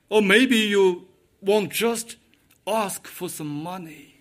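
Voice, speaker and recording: A man delivers a sermon in a strikingly high voice. He speaks slowly and deliberately and presses on his main questions, repeating them for emphasis. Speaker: preacher.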